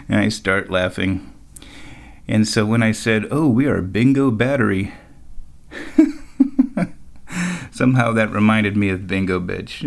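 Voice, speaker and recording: A man's voice: fairly low pitch, expressive, slow pace, vocal fry, pauses often. A man telling rambling stories on his own show, laughing often and making wry, sarcastic asides. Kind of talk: rambling casual storytelling.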